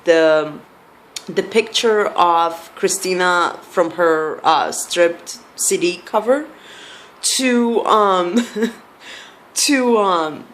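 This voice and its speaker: A young woman vlogging to camera, telling a story in a gushing, filler-heavy way and sounding tired. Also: mid-range voice. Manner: gushing, fast, full of "like" and quoted reactions.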